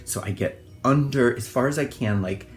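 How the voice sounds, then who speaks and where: A middle-aged man, a hairstylist, telling a personal childhood story in an animated, expressive way, acting out the scenes. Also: medium pitch, normal speed, faint music behind.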